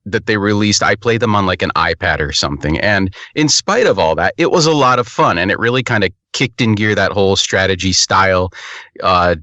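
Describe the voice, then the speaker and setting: A man's voice: sits low, fairly quick, sharp tone, no room sound. A man co-hosting a podcast, reviewing a game in rambling, casual, sometimes profane talk with lots of restarts.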